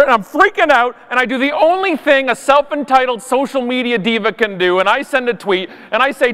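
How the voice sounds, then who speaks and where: Canadian guy doing a funny keynote, high bright voice, swings all over, acts out everyone. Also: fairly quick, few pauses, smooth. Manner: animated, self-mocking, mimics people in the story. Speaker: conference speaker. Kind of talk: comedic keynote storytelling. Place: conference stage before a live audience.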